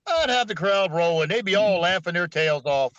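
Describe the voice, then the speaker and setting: High, lively joking man on a call. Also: normal speed, no echo, muffled recording. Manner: playful, jokey, teasing. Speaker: show host. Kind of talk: casual livestream panel chat. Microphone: phone over a video call.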